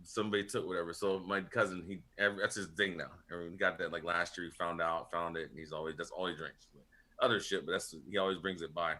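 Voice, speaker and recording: A man's voice: sits low, little pitch movement, fast talker, sharp tone. A man on a casual podcast panel, telling a long rambling story full of swearing and laughter. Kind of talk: casual chat.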